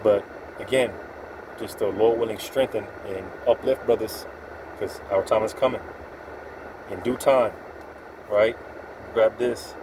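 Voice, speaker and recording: A man's voice: lowish voice, steady tone, measured pace, pauses often. Profane streetwise preacher man, noisy room. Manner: streetwise, profane, emphatic preaching with scripture quotes. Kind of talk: informal religious talk.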